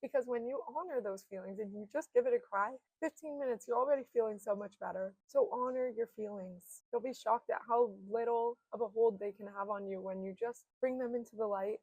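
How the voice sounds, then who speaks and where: A woman's voice: on the high side, fairly quick, hardly any pauses, a little mellow, no room sound, rough recording. Earnest young woman speaking to camera. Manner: earnest, heartfelt, swears casually. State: emotional, near tears at times. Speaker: self-help vlogger. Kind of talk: candid personal monologue to camera. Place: indoors, seated in front of a camera.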